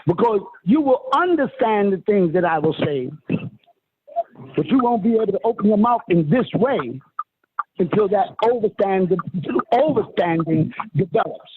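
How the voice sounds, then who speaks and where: Over a tinny phone line with a faint hiss, a self-styled spiritual teacher with a high, expressive voice preaches to his listeners at a moderate pace. His lecture is emphatic and swooping, and he calls them honey and sister.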